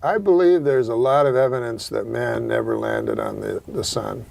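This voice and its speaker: A middle-aged man hosting a talk show, telling rambling, profane anecdotes in a deadpan way. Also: medium pitch, normal speed, creaky, slight background noise. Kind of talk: casual chat and anecdotes.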